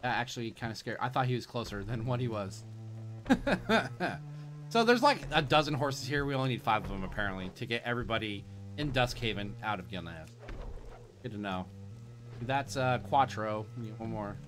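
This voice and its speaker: A man streaming gameplay late at night from a quiet home, sleepy and punchy, rambling and joking to himself as he plays. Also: medium pitch, lively intonation, fairly quick, faint music behind. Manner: rambling and jokey, talking to himself. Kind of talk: casual gameplay commentary.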